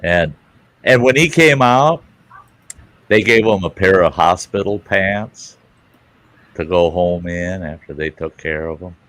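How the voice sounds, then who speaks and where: Deep-voiced man telling a crude story. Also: unhurried, long pauses, a bit bright, no echo. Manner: rambling anecdotal storytelling with crude humor and swearing. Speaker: livestream host. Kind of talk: casual chat.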